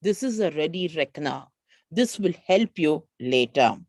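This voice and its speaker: A woman's voice: sits low, expressive, moderate pace, a little mellow, no room sound. A woman with an Indian English accent teaching an online grammar lesson, patiently explaining spelling rules and reading out word lists.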